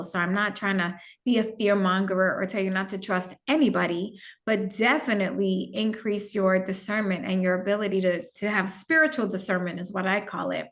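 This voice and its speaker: Woman, middle-aged, interview guest, candid, reflective, personal storytelling, mid pitch. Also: fairly even intonation. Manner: candid and reflective, with some halting restarts. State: gets emotional at times. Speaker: podcast guest.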